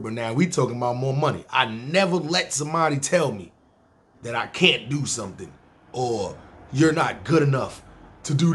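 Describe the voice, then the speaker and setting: A man's voice: mid-range voice, a bit bright. A man with a New York accent telling a long personal story in a casual, profane, streetwise way, acting out other people's lines. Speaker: storyteller, podcast host.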